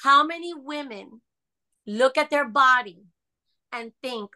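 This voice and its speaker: Bright-voiced woman, earnest and emphatic. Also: high voice, takes it slowly. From United States. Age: middle-aged. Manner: earnest, emphatic, repeats "right?". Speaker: podcast guest, author. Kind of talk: emotional personal storytelling.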